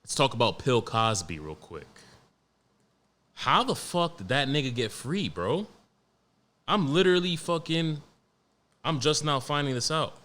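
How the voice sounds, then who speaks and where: Profane, blunt young podcast host. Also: male voice, medium pitch, sing-song, a little slow, long pauses, fairly bright tone. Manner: profane, blunt and joking, reading news aloud. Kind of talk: casual solo podcast monologue.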